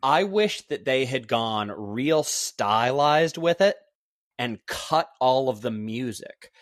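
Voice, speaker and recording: A man co-hosting a podcast, chatting casually with thoughtful, lively commentary. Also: medium pitch, slow, no room sound, studio quality. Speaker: podcast co-host. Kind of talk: casual chat.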